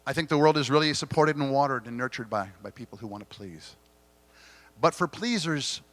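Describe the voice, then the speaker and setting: A middle-aged man giving an inspirational keynote talk at a conference, earnest and gently confessional, with dramatic pauses. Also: medium pitch, lively intonation, dry recording. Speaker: keynote speaker. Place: conference hall stage.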